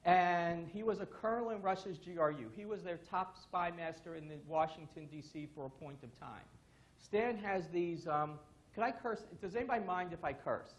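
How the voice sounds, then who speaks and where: On a conference stage, a man with a high-sitting voice tells casual stories to the audience at a moderate pace, dropping the odd curse word. The recording has its highs cut off.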